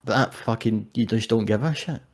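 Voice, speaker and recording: A man's voice: lowish voice, moderate pace, darkish tone. Sweary laughing guy. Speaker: podcast co-host. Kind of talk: casual chat.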